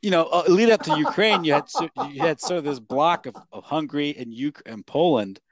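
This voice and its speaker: A man's voice: fairly high pitch, a little fast, a loud crowd. A man in casual political chat, talking in a rambling way with many fillers and restarts.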